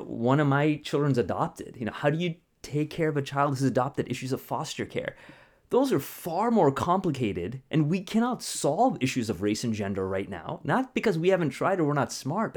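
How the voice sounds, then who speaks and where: A man, a mathematician, explaining ideas conversationally with analogies, often checking in with a rhetorical "right?". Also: medium pitch. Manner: animated, asks rhetorical questions and tags "right?". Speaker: mathematician guest.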